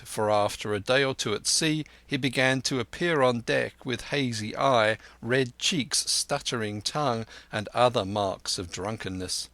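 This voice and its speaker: A man narrates a classic adventure audiobook in measured storytelling style, giving each character their own voice. His voice is medium-pitched and a bit bright, with no room sound.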